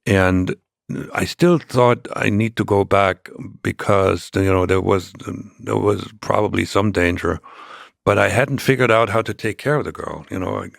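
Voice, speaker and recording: An older man, a podcast guest, telling a long story in a halting way with many restarts. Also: on the low side, creaky, no echo, studio quality. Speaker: interview guest.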